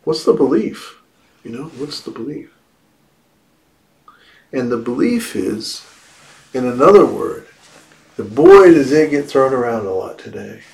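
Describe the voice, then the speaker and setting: Slow-spoken man giving a dharma talk. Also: medium pitch, sing-song, gravelly, a little mellow. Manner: slow, reflective, with playful asides. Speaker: Buddhist teacher.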